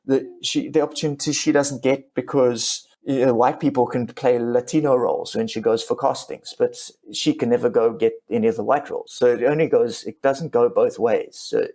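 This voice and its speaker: Gravelly-voiced man, candid. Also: medium pitch, steady tone, moderate pace, few pauses, warm tone. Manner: frank, reflective, restarts often. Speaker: comedian and ventriloquist, guest. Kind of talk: candid podcast conversation.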